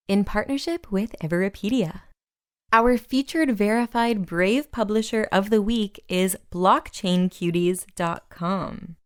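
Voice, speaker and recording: A woman hosting a community podcast, reading a weekly roundup of announcements and long lists in a brisk scripted way. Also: medium pitch, clean tone, no room sound, clean studio sound. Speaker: podcast host.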